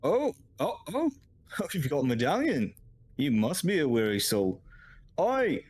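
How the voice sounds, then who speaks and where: A man voicing a soot-covered human camp guard who barks high, brusque calls in a tabletop game. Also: wildly swooping pitch, moderate pace, darkish tone, breathy edge. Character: sooty blood-spattered human camp guard, gruff.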